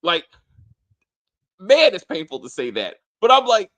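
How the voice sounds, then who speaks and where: A man's voice: sits high, huge pitch swings, measured pace, a bit bright. A man co-hosting a casual TV spoiler review, ranting emphatically with plenty of profanity. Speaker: co-host of a TV review show.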